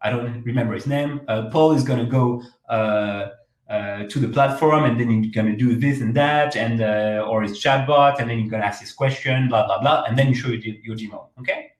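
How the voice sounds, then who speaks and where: Man coaching startup pitches, roomy echo. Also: moderate pace. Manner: frequent fillers and restarts, direct advice. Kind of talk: workshop talk.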